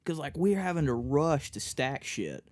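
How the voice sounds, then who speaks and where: A man's voice: a little high, normal speed, no echo, studio quality. A young man co-hosting a podcast in casual chat, griping about work and quoting people, swearing often. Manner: profane, quotes people in animated voices. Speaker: podcast co-host.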